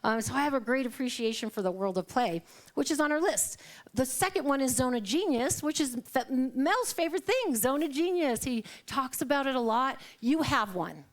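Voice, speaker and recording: A woman's voice: high voice, animated, moderate pace. A middle-aged woman minister giving a live sermon in a church, telling stories in a chatty way and acting out the quotes, often laughing. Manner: conversational, storytelling with acted quotes and laughter. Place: church sanctuary.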